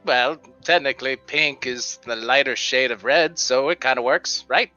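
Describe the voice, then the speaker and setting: Bright-voiced man playing a tabletop game. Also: medium pitch, normal speed, smooth, no echo, highs cut off, faint music behind. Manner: easygoing, politely formal in character. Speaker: player. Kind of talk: in-character play and narration.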